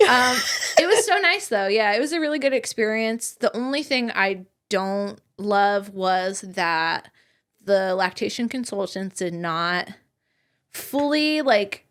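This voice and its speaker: A young woman co-hosting a podcast, telling a story in a blunt, animated way, swearing freely. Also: medium pitch, measured pace. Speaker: podcast co-host. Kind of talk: casual chat.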